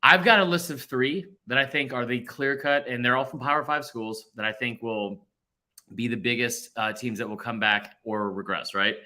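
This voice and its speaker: A man's voice: mid-range voice, normal speed, sharp tone. A man in his thirties hosting a casual sports podcast, rambling and self-deprecating. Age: 30s. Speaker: podcast host.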